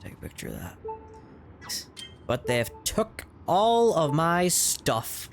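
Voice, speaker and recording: A man streaming a video game, chatting in a fast, rambling way and laughing often. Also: on the high side, big pitch swings, creaky. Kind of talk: casual gaming livestream commentary. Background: game music.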